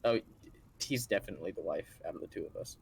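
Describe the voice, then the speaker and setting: Laid-back, low-voiced man chuckling. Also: creaky, a little mellow, slight background noise, low-quality recording. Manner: laid-back, chuckles often, halting restarts. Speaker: streamer's friend and co-player. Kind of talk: casual gaming chat.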